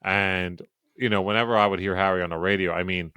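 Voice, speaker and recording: A man's voice: low voice, steady tone, fast talker, bright, forceful tone, smooth, no room sound, clean studio sound. A man co-hosting a sports betting podcast in casual, profane chat, often stumbling and repeating words. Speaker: podcast co-host.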